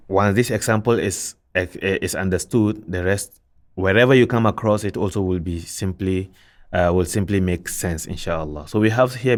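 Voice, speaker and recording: A man teaching Quran recitation rules, patiently repeating points, asking and answering his own questions, and chanting verses as examples. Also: lowish voice.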